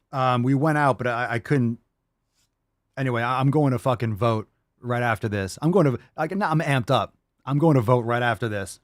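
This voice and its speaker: A man's voice: medium pitch, dry recording, studio quality. A man hosting a podcast, ranting and mocking a clip in a brash, profane way. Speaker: podcast host. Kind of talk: ranting reaction commentary.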